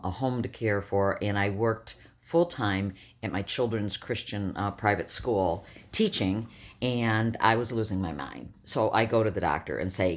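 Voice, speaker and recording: Woman with a rough morning voice. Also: very deep voice. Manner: rambling, self-correcting, animated. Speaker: vlogger. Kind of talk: casual personal storytelling.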